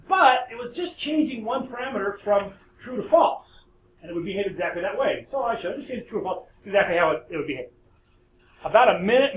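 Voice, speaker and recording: Chatty professor in an echoey classroom. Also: male voice, high-pitched. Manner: chatty, storytelling asides. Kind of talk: classroom lecture. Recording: echoey classroom, distant mic, faint noise.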